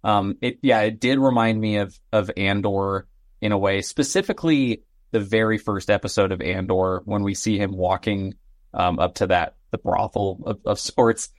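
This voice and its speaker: A man's voice: fairly low pitch, moderate pace, no echo, studio quality. A man guest on a casual podcast, talking enthusiastically and breaking off his own sentences. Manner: enthusiastic, self-interrupting. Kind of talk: casual chat.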